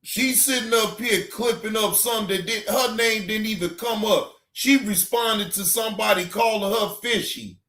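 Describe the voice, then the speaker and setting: Male host, very high and bright voice, slow heated profane rant, often yelling. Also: echoey room. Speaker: reaction channel host. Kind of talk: ranting commentary.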